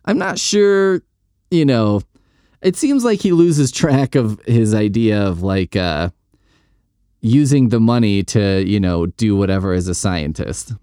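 A man's voice: on the low side, expressive, measured pace, mellow, smooth, dry recording, clean studio sound. A man hosting a podcast, recapping comics in a rambling, jokey, profane way. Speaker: podcast host. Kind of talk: casual comic book recap chat.

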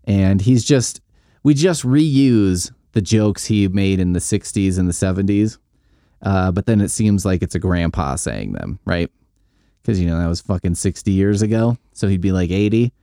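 A man's voice: low voice, moderate pace, warm tone, no echo, clean studio sound. A man hosting a podcast, recapping comics in a rambling, jokey, profane way. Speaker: podcast host. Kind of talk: casual comic book recap chat.

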